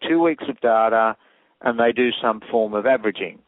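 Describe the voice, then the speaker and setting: A man explains technical measurements in a methodical, measured way. His voice sits at an ordinary pitch. It comes through dry and thin, like a tinny phone line. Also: no echo. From Australia. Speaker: acoustic engineer guest.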